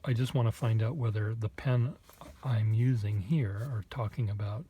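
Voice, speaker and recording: A man vlogging casually, thinking aloud in a halting, self-deprecating way, with muttered asides. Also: fairly low pitch, fairly even intonation, warm tone, slight background noise.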